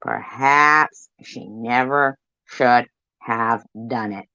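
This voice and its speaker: A woman with a very deep voice gives a profane, defiant commentary, repeating her points. Her voice is dry and close, with no room sound. The audio is dull and muffled. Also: very slow, sharp tone, clear, resonant tone, dry recording. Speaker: commentary channel host. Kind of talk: angry commentary over played clips.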